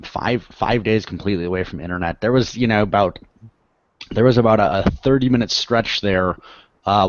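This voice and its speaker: A man's voice: sits low, dry recording. A man co-hosting a live online training, chatting in a laid-back, joking way. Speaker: co-host. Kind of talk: casual live webinar chat. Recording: dry, dull online call audio.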